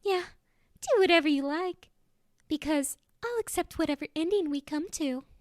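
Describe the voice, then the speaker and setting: A woman voicing a cocky, capricious teenage girl mastermind in a fan audiobook, with a high-pitched voice that swings between bubbly and deadpan. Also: moderate pace, no room sound, studio quality, lightly acted. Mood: teasing. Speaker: audiobook voice actor. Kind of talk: fan audiobook character reading.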